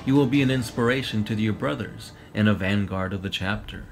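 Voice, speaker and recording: A man's voice: on the low side, brisk, close to an everyday voice. A solemn, commanding warrior-priest, as a man reads him. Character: stern armored space knight chaplain, commanding elder.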